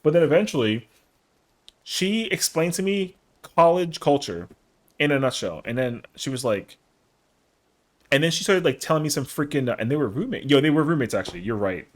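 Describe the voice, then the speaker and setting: A man's voice: fairly high pitch, expressive, moderate pace. Slangy man rambling through a story. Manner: slangy, rambling, lots of fillers, acts out the quotes. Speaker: streamer. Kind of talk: casual storytelling on a live stream.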